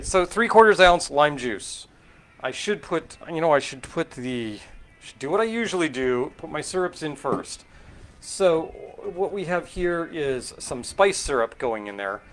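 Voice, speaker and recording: A man's voice: on the high side, big pitch swings, normal speed, a bit bright. A middle-aged man from California's Central Valley, hosting a casual cocktail stream and thinking aloud with lots of fillers as he mixes. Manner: rambling, thinking aloud with fillers and self-corrections. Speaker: host making cocktails. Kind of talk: casual live-stream chat while mixing drinks.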